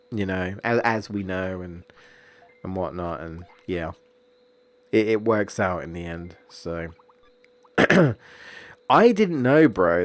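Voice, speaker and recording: A man's voice: lowish voice, no room sound. A man, streaming and chatting casually, rambling with many fillers and restarts. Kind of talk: casual chat about a story.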